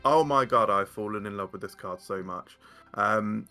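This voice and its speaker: A man's voice: fairly low pitch, moderate pace, bright, forceful tone, faint music behind. A man chatting casually as a guest, rambling with frequent fillers and restarts. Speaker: guest card game content creator. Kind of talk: casual chat.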